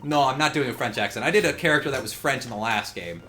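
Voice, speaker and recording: A man's voice: medium pitch, quick pace, pushed and bright, soft background music. A man co-hosting a casual game playthrough, reading dialogue aloud between joking, laughing asides. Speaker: let's play co-host.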